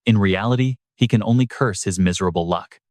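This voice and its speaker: A man reading a scripted story recap in a steady, even storytelling manner. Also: lowish voice, a little fast, no echo, clean studio sound. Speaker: recap narrator. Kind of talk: scripted narration.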